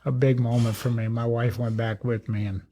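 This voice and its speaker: A man's voice: mid-range voice, flat delivery, normal speed, warm tone, a little hiss or hum. Blunt older man telling long stories. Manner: rambling, blunt, salty, self-deprecating. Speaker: retired fire chief, guest. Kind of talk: storytelling interview talk.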